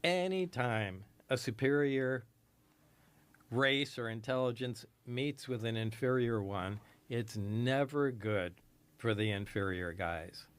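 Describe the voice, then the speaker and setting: A man's voice: mid-range voice, slow pace, smooth. A man in a podcast conversation, musing in an emphatic, conversational way.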